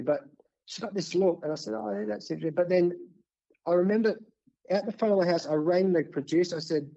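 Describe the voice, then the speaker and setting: An Australian man in his fifties, a cricket coach telling stories as a podcast guest, animated and often restarting his sentences. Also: high voice, fast talker, gravelly, lo-fi sound. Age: 50s. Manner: animated, restarts often, acts out quoted exchanges. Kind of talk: casual storytelling in an interview.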